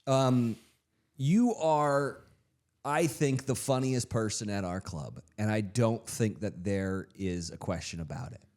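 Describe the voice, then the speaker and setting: A man's voice: lowish voice, slow pace, a little mellow. A man hosting a podcast, reading an upbeat introduction with jokey asides. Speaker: host.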